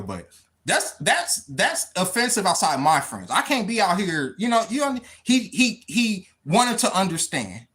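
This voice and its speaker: Man from the US, unscripted livestream monologue; very animated pitch, heavy profanity, words repeated as he pushes his point. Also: normal speed. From United States. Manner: emphatic, swears constantly, repeats words.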